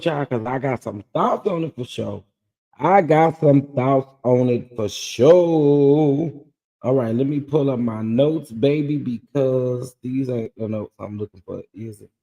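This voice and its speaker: This livestream host's voice is mid-range, dark, slightly rough and scratchy, with vocal fry, at normal speed and hardly any pauses, in a big-room sound. While recapping a reality show, he casually greets viewers by name and drawls "child" and "y'all."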